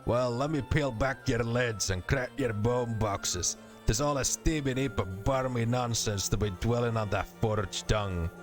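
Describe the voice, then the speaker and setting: A man's voice: medium pitch, a little slow, few pauses, soft background music, close to an everyday voice. A man putting on a scornful Scottish-accented war storyteller. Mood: ranting. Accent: put-on Scottish. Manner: brogue-heavy, slangy, scornful ranting. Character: gruff spitting male Blood War storyteller. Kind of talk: reading game dialogue aloud in character.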